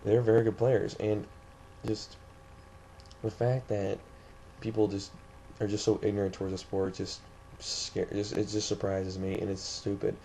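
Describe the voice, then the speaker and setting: Young guy from st louis ranting into the camera, kinda low voice, trips over his words a lot. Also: level tone, normal speed, creaky, pauses often, dark tone, a little hiss or hum. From St. Louis area, USA. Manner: indignant, rambling, with many restarts. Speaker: vlogger. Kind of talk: ranting vlog monologue.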